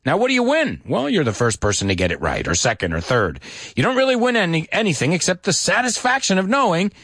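A man hosting a live-streamed English lesson in a playful, animated way, switching between English and Spanish. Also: sits high, fast, no room sound, clean studio sound. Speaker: host.

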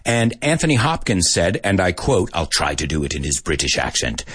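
A man of middling pitch hosts an easygoing talk, hopping between English and Spanish. His delivery swings widely in pitch, with a slightly husky grain, and he chuckles often. The sound is dry and close. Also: wildly swooping pitch, normal speed, a bit bright, no room sound. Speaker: podcast host teaching Spanish speakers English. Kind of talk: casual bilingual chat.

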